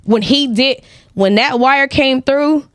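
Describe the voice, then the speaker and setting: Speaking slowly in a high voice, a podcast guest who runs a credit repair business tells a story casually and animatedly, performing the dialogue of other people. The recording is clean studio audio with no echo.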